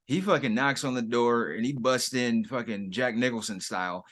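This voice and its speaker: A man's voice: medium pitch, normal speed, a bit bright. A man co-hosting a podcast in casual chat, recapping in a laid-back, trailing way with many fillers. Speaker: podcast co-host.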